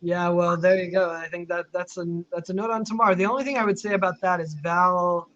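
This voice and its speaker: A man's voice: high voice, a little fast, fairly bright tone, no room sound, dull audio. A man hosting a casual live video chat, reading out viewer questions, talking chattily with frequent laughs and fillers. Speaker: live stream host. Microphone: video call.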